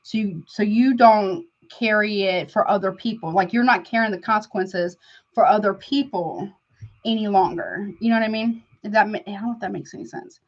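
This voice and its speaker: A woman's voice: mid-range voice, normal speed. A woman tarot reader talks to her live viewers in a loose, chatty way, often calling them honey. Her voice sits in a middle register. The audio is a bit dull and lo-fi. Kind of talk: casual live-stream tarot chat.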